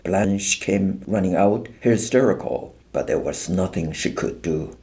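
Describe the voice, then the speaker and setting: Slow, gravelly male audiobook narrator. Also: deep voice, expressive, dark tone.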